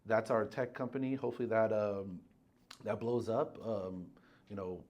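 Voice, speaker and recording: A man guesting on a podcast, chatting casually as an insurance broker and telling animated stories with plenty of restarts. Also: lowish voice, normal speed, highs cut off. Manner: animated storyteller, acts out dialogue; frequent fillers and restarts. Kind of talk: casual chat.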